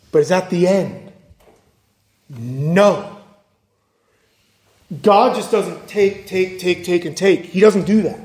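A man's voice: high voice, a little mellow, roomy sound. A man preaching a sermon, earnest, driving his points home with repetition and rhetorical questions.

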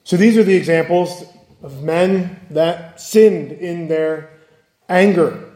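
A man's voice: a little high, takes it slowly, warm tone. A man preaching a sermon in an earnest way, now and then acting out the people he quotes. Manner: earnest, acts out quoted voices. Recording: echoey room.

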